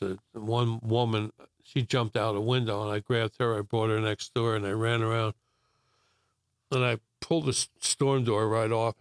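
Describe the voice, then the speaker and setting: A man's voice: lowish voice, no room sound, studio quality. An older man telling his life story in a casual interview, rambling with many fillers and acting out quotes.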